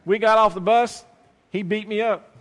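A man preaches with a notably high voice, repeating phrases for emphasis as he tells a story from the pulpit. His words ring out with a long reverb of a large hall. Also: fairly even intonation, moderate pace. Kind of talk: sermon with personal story.

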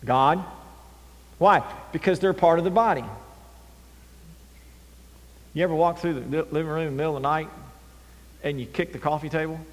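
A male pastor preaching a sermon, animated, swinging between loud emphasis and near-whispers. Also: a little high, fast talker. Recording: long hall reverb.

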